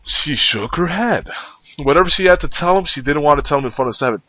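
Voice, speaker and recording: A man's voice: fairly high pitch, expressive, quick pace, bright, forceful tone, dry recording, low-quality recording. A man reading a game aloud as host of a let's play, stumbling over words and mocking himself. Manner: stumbling, self-mocking, laughing often. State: cold. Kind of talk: casual narrated game reading.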